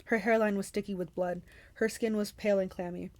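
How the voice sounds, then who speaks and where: A woman hosting a book club, reading a novel aloud expressively with quick self-corrections. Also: mid-range voice, fairly even intonation, darkish tone, no echo.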